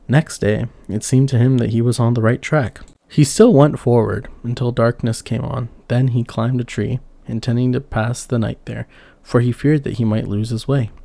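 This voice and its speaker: Brief: male storybook narrator, steady pace, dark gravelly tone. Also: mid-range voice, no room sound. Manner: steady, unhurried reading of an old tale.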